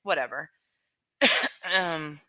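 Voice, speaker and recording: A woman's voice: low voice, very slow, sharp tone. A young woman hosting a casual livestream, reading chat and rambling frankly with lots of "like" and "you know".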